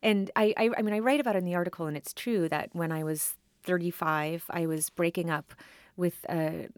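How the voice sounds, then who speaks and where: A woman in her forties talks through her ideas as an interview guest, pausing and restarting as she thinks. Her voice sits a little low. The sound is dry and close. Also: fairly even intonation, no room sound. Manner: thoughtful, halting, with many restarts and fillers. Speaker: writer and guest. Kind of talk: conversational interview.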